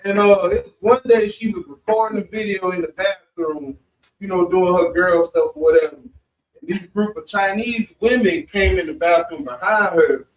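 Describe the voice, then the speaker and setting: A man with a high voice tells stories at a religious meeting in a blunt, profane, conversational way. He is recorded from across an echoey room. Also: normal speed. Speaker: speaker at a religious study meeting. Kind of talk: informal preaching and storytelling. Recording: echoey room, mic far off.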